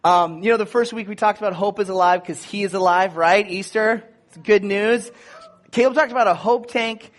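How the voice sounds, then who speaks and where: A man in his thirties giving a casual, chatty sermon as a pastor, animated and full of fillers. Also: normal speed. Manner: chatty and animated, many fillers, acts out voices in a high shout. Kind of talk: casual sermon with personal story.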